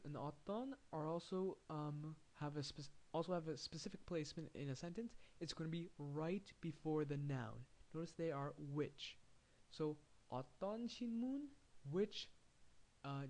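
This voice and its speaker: A man with a slightly raised pitch gives a recorded language lesson. He explains things step by step and slowly repeats each example phrase so learners can follow. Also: a little mellow. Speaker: language teacher.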